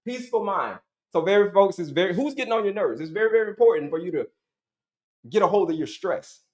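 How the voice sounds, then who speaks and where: A man's voice: high-pitched, lively intonation, fast, reverberant. A middle-aged man giving an emphatic, repetitive health coaching talk, asking and answering his own questions to the audience.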